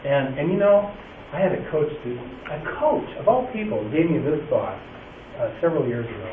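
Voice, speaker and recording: A man, a music teacher, giving an animated workshop talk, acting out quotes and laughing often. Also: a little high, brisk. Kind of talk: conference talk. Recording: echoey, distant, phone-like, faint noise.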